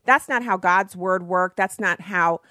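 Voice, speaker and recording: A woman's voice: fairly low pitch, unhurried, bright, forceful tone, no room sound, clean studio sound. Scratchy-voiced woman talk radio host. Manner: chatty, enthusiastic, with fillers. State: scratchy voice from yelling the day before. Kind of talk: casual talk radio monologue.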